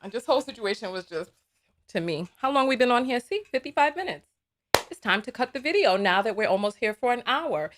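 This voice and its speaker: A woman's voice: fairly high pitch, expressive, brisk, a bit bright, slight background noise. A woman hosting a live reaction stream, reading viewer comments in a blunt, exasperated way and often repeating herself. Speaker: livestream host.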